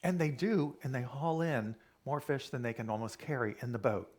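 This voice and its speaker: A man's voice: mid-range voice, moderate pace. Man preaching a conversational sermon. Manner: conversational, repeats key phrases. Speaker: minister.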